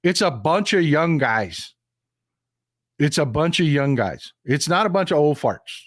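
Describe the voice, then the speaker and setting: A man's voice: fairly high pitch, sing-song, measured pace, no echo. Folksy man, dry close sound. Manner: folksy, repetitive, addresses chat directly. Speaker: political livestream host. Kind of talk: casual news commentary livestream.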